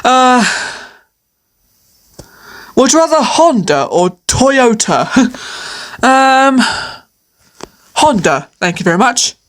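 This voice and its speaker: A woman with a high-pitched, sing-song voice talks slowly with long pauses, a video creator answering quiz questions on her own. Her casual solo commentary is playful and hesitant, packed with fillers and frequent laughter.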